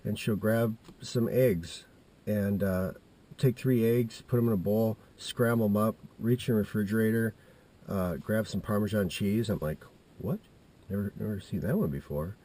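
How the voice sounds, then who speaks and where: A man's voice: fairly low pitch, normal speed, dark tone. A man in his fifties telling a personal story in a casual, meandering way, full of restarts and asides. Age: 50s.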